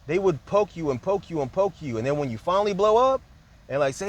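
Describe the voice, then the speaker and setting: A man's voice: fairly high pitch, animated, fast talker. A man talking in a loose, rambling monologue, jumping from point to point and peppering his speech with casual fillers.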